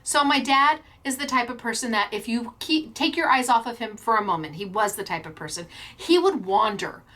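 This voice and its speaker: A middle-aged woman hosting a craft class, telling a casual anecdote as a lively storyteller who laughs often. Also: fairly high pitch, moderate pace.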